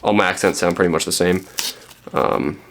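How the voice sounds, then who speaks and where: A man's voice: low voice, moderate pace, fairly bright tone, slight background noise. A young man from Canada, chatting casually and rambling with lots of ums while showing the books he found. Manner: rambling, self-deprecating, many ums and restarts. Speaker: book vlogger.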